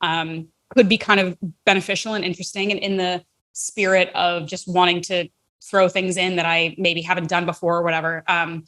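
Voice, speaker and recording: A woman's voice: on the low side, flat delivery, normal speed, a bit bright. A woman co-hosting a fitness podcast, talking in a chatty, laid-back way full of "like" and "um". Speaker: podcast co-host. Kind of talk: casual podcast chat.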